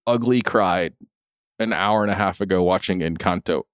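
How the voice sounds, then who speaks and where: A middle-aged man co-hosts a podcast in casual chat, laughing often, swearing, and stammering through restarts. His low voice comes at normal speed with a clean tone, in studio-quality audio with no echo.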